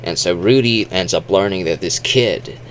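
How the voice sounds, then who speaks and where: A man's voice: deep voice, normal speed, a bit bright, a little hiss or hum. A man giving casual spoken commentary as a video host, rambling with restarts and fillers. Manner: acts out silly exaggerated quotes.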